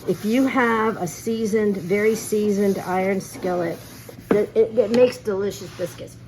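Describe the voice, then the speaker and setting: A woman's voice: mid-range voice, a little slow, darkish tone, a little hiss or hum. Folksy woman hosting a home cooking demo. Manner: chatty, folksy, tells family stories while cooking. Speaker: cooking show host. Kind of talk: casual cooking demonstration.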